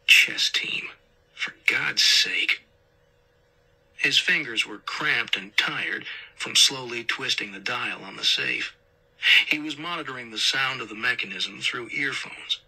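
A male audiobook narrator with a husky, bright voice. He reads a crime story in scripted narration, slipping into tense whispered dialogue. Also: mid-range voice, rough recording.

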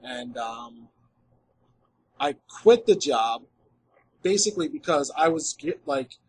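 A relaxed American man with a slightly high voice chats on a podcast about an old job. He swears casually and lets his sentences fade. There is a faint hiss of noise behind him. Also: slow, poor audio. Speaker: podcast co-host. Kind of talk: casual chat.

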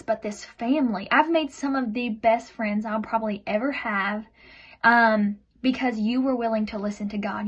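Woman, fairly high voice, heartfelt faith-filled tribute, dull lo-fi sound. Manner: earnest, emotional, faith-filled. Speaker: team member giving a video tribute. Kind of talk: heartfelt recorded message.

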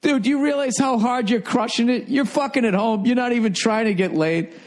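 A middle-aged man hosting a comedy advice podcast, reading listener letters and riffing loudly with profanity. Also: very high voice, a little fast. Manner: loud, profane, animated riffing with mocking put-on voices. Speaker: podcast host giving advice.

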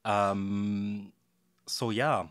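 A man speaking as a guest on a podcast, hesitant and full of pauses and fillers. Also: on the low side, steady tone, a bit bright, no room sound, studio quality. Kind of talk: casual conversation.

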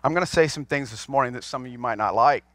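A man's voice: mid-range voice, quick pace, fairly bright tone, no room sound, clean studio sound. A man in his forties, a pastor, preaching a sermon to his congregation in a folksy storytelling way, asking them questions as he goes. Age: 40s. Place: church sanctuary.

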